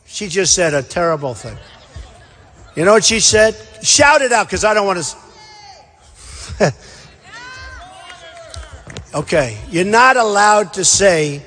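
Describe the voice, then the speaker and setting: Guy with a high voice doing a rally speech, bragging, repeats himself, big echoey hall. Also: expressive, moderate pace, pauses often, a bit bright. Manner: boastful, repetitive, punchy emphasis. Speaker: political candidate at a rally. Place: large indoor rally venue. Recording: long hall reverb at a rally.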